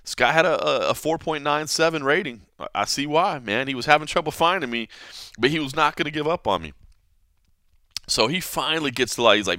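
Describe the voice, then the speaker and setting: A man hosting a podcast, telling a story in a casual, animated way, full of fillers like "man" and "you know", acting out the people he quotes. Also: medium pitch, a little fast, clear, resonant tone, no room sound, studio quality. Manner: animated storyteller who acts out quoted voices. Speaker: podcast host.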